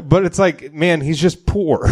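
A man's voice: a little high, darkish tone, slightly rough. A man co-hosting a comedy podcast, riffing with profanity and frequent laughter. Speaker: podcast co-host. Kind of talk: casual comedic chat.

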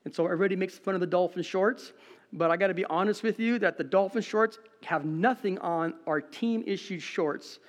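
A middle-aged pastor delivering a sermon in a lively, conversational way, joking at his own expense between points. His voice sits high for a man, and a long reverb trails behind his words. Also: fairly quick. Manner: animated, conversational, self-deprecating. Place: empty room, preaching to cameras.

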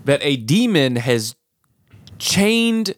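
A man's voice: fairly high pitch, drawn-out words, dry recording, clean studio sound. A man co-hosting a podcast, recapping a movie in casual chat and acting out the characters' lines. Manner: animated storytelling, acting out quotes. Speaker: podcast co-host.

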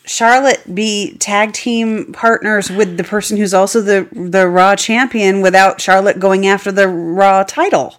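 A co-host with a mid-range voice joins a relaxed chat. This speaker mostly agrees, now and then adding dry, wry remarks. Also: medium pitch, a little slow, hardly any pauses. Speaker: podcast co-host. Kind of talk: casual chat.

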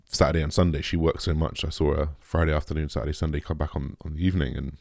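A young man speaks in a very low, deep voice, recorded dry and close with no room sound. He talks candidly to his audience, emotionally shaken, halting and restarting his sentences and swearing freely. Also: steady tone, creaky, a little mellow, no room sound. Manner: raw, halting, swears often, many restarts and trailing off. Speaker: vlogger. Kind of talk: candid personal talk to camera.

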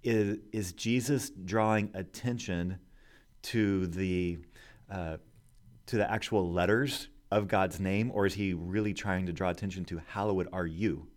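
A man co-hosting a podcast, explaining scripture in a measured, unhurried way. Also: low voice, fairly even intonation. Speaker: podcast co-host. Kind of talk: casual Bible discussion.

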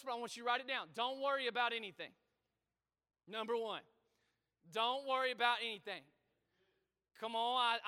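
A man preaching a sermon to his congregation, energetic and full of call-and-response, in a church auditorium. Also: very high voice, clear, resonant tone. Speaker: pastor. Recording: reverberant hall.

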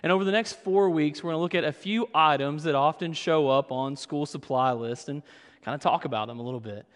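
A young pastor tells funny stories in a sermon, in a fairly high voice. He is preaching in a church sanctuary. The sound rings with a long hall reverb. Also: fairly quick. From Kentucky. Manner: humorous storytelling.

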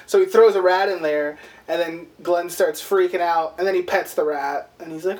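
A man's voice: fairly high pitch, fairly even intonation, moderate pace, darkish tone. A man co-hosting a movie podcast, recapping the plot in profane, rambling casual chat and acting out quotes. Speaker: podcast co-host.

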